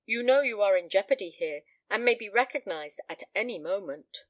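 A woman's voice: mid-range voice, lively intonation, moderate pace, no echo, highs cut off, natural voice. A woman doing a grave anxious old father.

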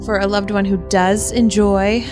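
A woman's voice: mid-range voice, level tone, moderate pace, over music. A woman co-hosting a podcast in casual chat, giggly and playful. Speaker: podcast co-host.

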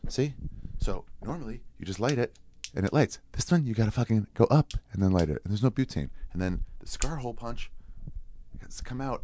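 A man's voice: medium pitch, lively intonation, a little fast, mellow, a little hiss or hum. A man in his forties, a comedian delivering a rambling, profane, sarcastic monologue.

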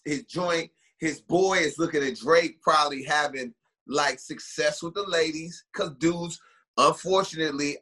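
A man's voice: on the high side, bright, forceful tone. A man co-hosting a podcast, talking in an emphatic, opinionated way and telling the story in casual chat. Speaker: podcast co-host.

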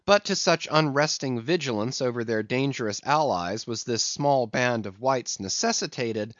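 A man's voice: medium pitch, expressive, normal speed, a bit bright, dry recording, dull audio. A man narrating a classic sea novel as an audiobook reader. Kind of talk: scripted narration.

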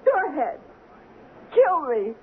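A woman's voice: sits high, big pitch swings, slow, exaggerated voice. An actress playing a lonely, browbeaten woman tied to a crook, pleading and bitter, in a radio drama. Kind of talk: 1970s radio drama acting. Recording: tinny old radio broadcast.

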